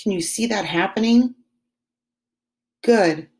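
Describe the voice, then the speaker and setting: A woman teaching second graders, asking slow, encouraging questions about a story. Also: medium pitch, darkish tone. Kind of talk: online lesson for young children.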